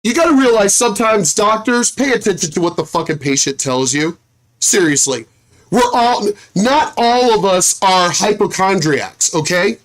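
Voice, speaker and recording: A middle-aged man telling a story casually on a livestream, animated and profane, often repeating himself. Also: high voice, normal speed.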